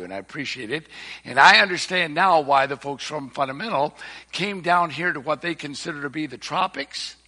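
An older man, a visiting preacher, delivers a sermon in a church sanctuary, folksy and earnest with rising emphasis. His medium-pitched voice is bright and forceful with a breathy edge, and the recording carries the long reverb of an echoey hall.

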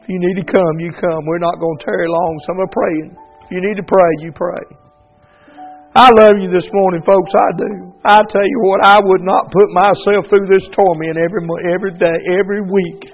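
A male preacher from North Carolina with a Southern accent, giving a fervent sermon and altar call that swings from loud exhortation to a hushed plea. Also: high voice, fairly even intonation, normal speed, narrow, tinny audio, faint music behind. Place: church service.

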